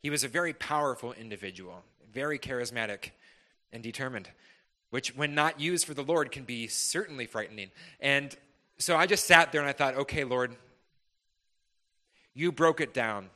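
Bright-voiced man preaching an impassioned testimony. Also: medium pitch, animated, fairly quick. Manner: earnest and impassioned, swinging between loud and hushed. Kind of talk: sermon testimony to a congregation.

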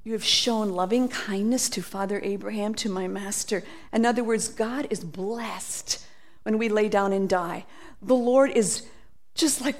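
Woman preacher, somewhat high voice, animated sermon delivery with acted-out quotes. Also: normal speed. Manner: animated, acts out quoted voices, reads scripture aloud.

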